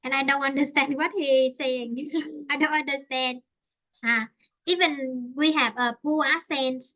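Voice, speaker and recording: Vietnamese-accented woman teaching english online, high voice, says things twice to make them stick. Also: fairly even intonation, sharp tone. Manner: explains slowly in simple English, repeats herself.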